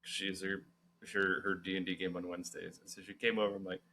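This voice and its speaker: A man's voice: low voice, level tone, quick pace, pushed and bright, slight background noise. A young man co-hosting a podcast, chatting casually, rambling with lots of fillers and swearing. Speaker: podcast co-host. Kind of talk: casual chat.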